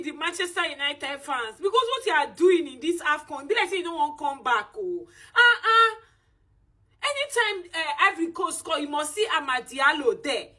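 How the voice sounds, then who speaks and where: A woman chatting to camera, animated and teasing. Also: high-pitched. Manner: animated, teasing, mixes pidgin. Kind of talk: casual chat to camera.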